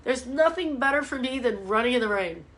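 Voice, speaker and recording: A woman's voice: a little high, expressive, a little fast, fairly bright tone. A woman fitness coach hosting a casual live-stream show, talking bluntly and with fired-up energy, teasing her viewers and swearing freely. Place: home, speaking to a live audience online.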